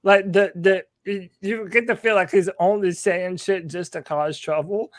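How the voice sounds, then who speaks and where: A man co-hosting a podcast in casual chat, excitable and peppering his talk with "dude.". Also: high-pitched, a little slow, dry recording, studio quality. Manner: excitable, says "dude" often. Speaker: podcast co-host.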